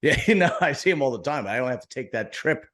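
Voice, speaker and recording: A man's voice: mid-range voice, lively intonation, quick pace, fairly bright tone. A man hosting a casual bodybuilding podcast, joking and swearing, rambling with restarts. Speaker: podcast host.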